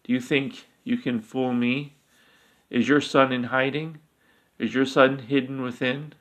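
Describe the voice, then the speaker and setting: A man's voice: mid-range voice, fairly even intonation, measured pace, fairly bright tone, natural voice. A man voicing a bulky, menacing male god who speaks with scornful authority. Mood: commanding. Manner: authoritative, bellowing and crooning.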